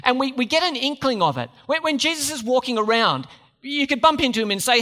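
Aussie preacher guy, high bright voice, jokey and chatty with the crowd. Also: fast talker. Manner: lively, conversational, joking asides to the congregation. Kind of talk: sermon.

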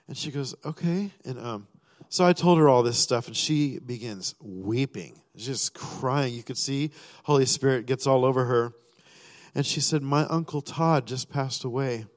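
A man's voice: medium pitch, normal speed. A man sharing a personal testimony during a sermon, rambling with many fillers and restarts, and acting out his own thoughts and prayers. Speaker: church speaker sharing a testimony. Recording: long reverb of a large hall.

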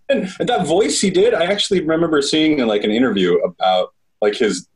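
A man's voice: on the high side, normal speed, poor audio. Male co-host, sing-song delivery, swears a lot, loose chat. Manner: animated, swears often. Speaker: podcast co-host. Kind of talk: casual comedy chat.

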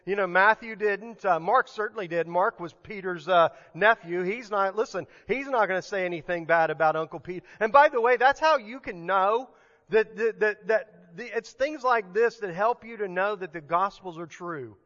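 Male pastor, sermon, conversational and emphatic, sharp tone, dull lo-fi sound. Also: high-pitched, moderate pace, long reverb tail. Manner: conversational, emphatic, frequent restarts.

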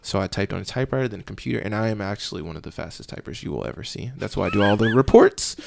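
This is a young man with a low, gravelly voice, chatting as a guest on a podcast. He tells stories about his work as a police officer and jumps into lively voices for the people in them. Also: very fast, dry recording. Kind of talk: casual podcast storytelling.

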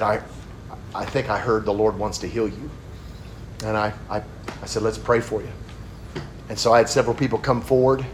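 A man preaching a sermon, rising high and loud on key points and dropping low and quiet as he tells a personal story, talking casually with many restarts. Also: a little hiss or hum.

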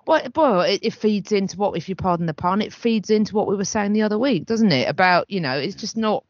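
A woman's voice: mid-range voice, a little fast, no room sound, highs cut off. A British woman co-hosting a podcast in casual chat, wry and self-deprecating. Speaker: podcast co-host.

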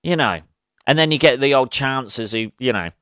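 Sweary podcast host ranting. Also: male voice, medium pitch, normal speed, fairly bright tone, clean tone, no room sound, clean studio sound. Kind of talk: casual solo podcast rant.

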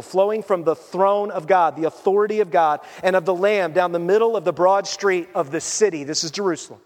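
A male pastor delivers a sermon, reading scripture and telling animated stories before dropping into quiet, earnest appeals. His voice sits high for a man. The sound carries a long reverb, as if from a large church hall.

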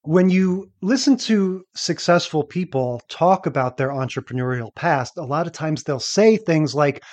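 A man's voice: a little high, animated, unhurried, a little mellow. A man co-hosting a casual podcast, musing about a TV episode in a reflective way, with a few stammered restarts. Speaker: podcast co-host.

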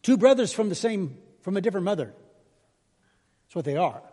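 A man's voice: high-pitched, sing-song, fairly quick, dark tone, husky. An older man preaching as a pastor, chatty and self-deprecating, telling folksy jokes in a sermon. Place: church sanctuary. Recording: reverberant church hall.

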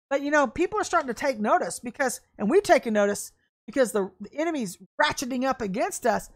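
Fervent high-voiced woman preaching. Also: brisk. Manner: fervent and emphatic, with bursts of excitement; blunt, folksy talk. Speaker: ministry leader and preacher. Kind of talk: online sermon.

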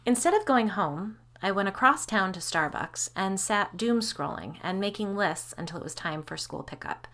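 A woman's voice: medium pitch, lively intonation, moderate pace, hardly any pauses, fairly bright tone. A woman narrating her spooky story podcast in a wry, candid way. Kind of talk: scripted narration.

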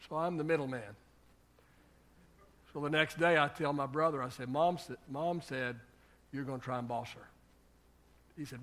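A man's voice: a little high, normal speed, pauses often. An older man preaching a sermon on marriage as pastor, telling folksy family stories and building to emphatic exhortation.

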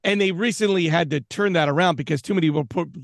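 A man's voice: high voice, fairly quick, gravelly, no room sound, clean studio sound. A man co-hosting a podcast, chatting casually in a playful, jokey way and laughing often. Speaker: podcast co-host. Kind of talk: casual chat.

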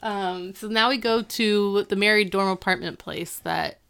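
A woman's voice: mid-range voice, unhurried, creaky, clear, resonant tone. A woman chatting casually on a podcast, recapping a TV episode and acting out the characters' lines in a raised voice. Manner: animated, acts out quotes in a raised voice.

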